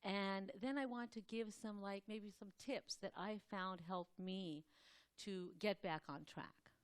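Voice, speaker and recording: A woman giving a scripture class, talking quickly in a loose, rambling way with many fillers and pauses to clear her throat. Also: mid-range voice. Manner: fast, rambling, loosely structured delivery. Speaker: class speaker at a temple.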